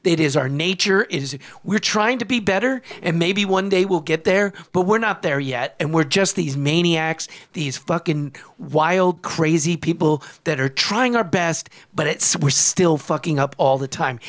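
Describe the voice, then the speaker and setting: A man's voice: fairly high pitch, unhurried, few pauses, a bit bright. A man hosting a dating podcast in casual chat, emphatic and swearing freely, with a preacher-like pep-talk manner. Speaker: podcast host.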